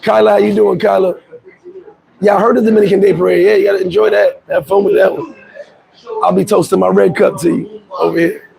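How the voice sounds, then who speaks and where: A hoarse man with a high, heavily gravelly voice hosts a relaxed live stream. He greets viewers one by one, and a crowd murmurs behind him. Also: fairly quick, poor audio. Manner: laid-back, shouting out viewers by name. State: hoarse, voice worn out. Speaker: livestream host. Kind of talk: casual live chat.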